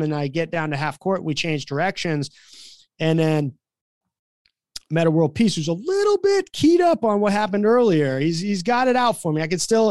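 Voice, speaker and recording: Male podcast co-host, animated storyteller, fairly high voice, dry close sound. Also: no room sound. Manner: animated, acts out quoted voices. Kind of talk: casual storytelling.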